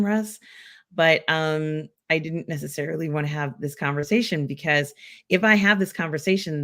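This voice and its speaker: A woman's voice: deep voice, a bit bright. A woman hosting a casual live pop culture stream, reading out viewer comments in a rambling way with many filler ums.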